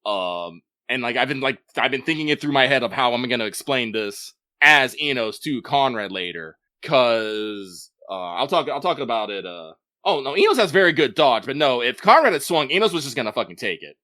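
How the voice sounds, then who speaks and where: Bright, dry-sounding man rambling and swearing. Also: mid-range voice, sing-song, moderate pace, few pauses, no room sound. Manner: talks in long, swearing, self-correcting runs. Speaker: podcast co-host. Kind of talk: casual podcast chat.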